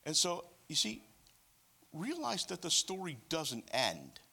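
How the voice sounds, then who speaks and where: A man preaching a sermon in an animated way, with joking asides. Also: a little high, slow pace, vocal fry, breathy edge.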